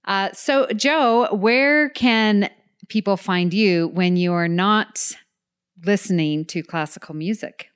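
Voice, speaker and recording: A woman co-hosts a chatty podcast, speaking slowly and unhurriedly. Her voice is smooth and clear, with an enthusiastic, giggly manner. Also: mid-range voice. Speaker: podcast co-host. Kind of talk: casual chat.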